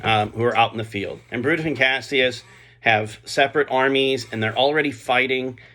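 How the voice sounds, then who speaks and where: A man's voice: mid-range voice, normal speed, bright, forceful tone. Chatty man casually retelling a story. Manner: chatty, with frequent fillers and asides. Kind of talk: casual spoken plot summary.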